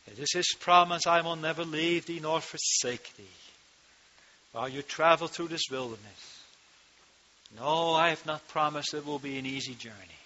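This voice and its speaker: A man preaching a sermon into a microphone to his congregation, slow and emphatic, rising to loud cries on key words, speaking with a turn of phrase. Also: fairly high pitch, slight background noise. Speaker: pastor. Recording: dull lo-fi sound.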